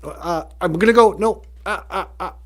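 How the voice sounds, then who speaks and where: A man voicing a nervous squirrel that dithers at the roadside, his voice raised high. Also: normal speed, a bit bright. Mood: panicky.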